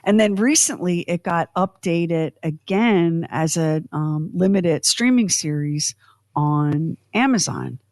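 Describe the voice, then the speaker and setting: A woman's voice: fairly low pitch, slow pace, darkish tone, no room sound, studio quality. A woman hosting a podcast, talking in a chatty, rambling, self-deprecating way. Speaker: podcast host. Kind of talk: casual chat.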